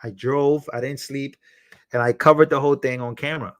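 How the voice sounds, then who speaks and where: A man's voice: medium pitch, steady tone, fairly quick. A man hosting a casual livestream, reading out donations and rambling in a heartfelt way with lots of fillers. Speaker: livestream host.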